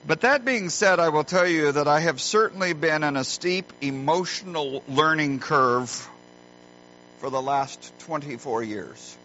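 A middle-aged man preaching a sermon as a pastor, earnest and folksy, telling stories with deliberate pauses, recorded in a church. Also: fairly high pitch, sharp tone. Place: church sanctuary. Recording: muffled lo-fi recording with faint hum.

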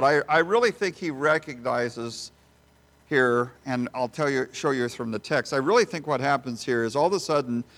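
A man preaching a sermon as a pastor, asking rhetorical questions and swinging from soft asides to loud, emphatic bursts. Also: mid-range voice, gravelly.

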